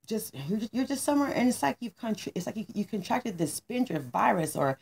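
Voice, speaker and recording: A woman acts out a fed-up male money manager who cuts to the chase. He scolds in a raised, strained voice with a gravelly grain. Blunt and lecturing, no softening. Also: a little high, very animated, fairly quick, pitched above the performer's own voice, heavily acted. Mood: earnest.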